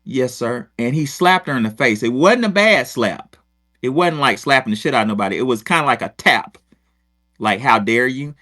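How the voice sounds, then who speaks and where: A man's voice: mid-range voice, a little fast. A middle-aged man from Rochester telling a story in casual chat, with lots of swearing and digressions. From Rochester, New York. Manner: profane, digressive, animated. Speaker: podcast host, former teacher.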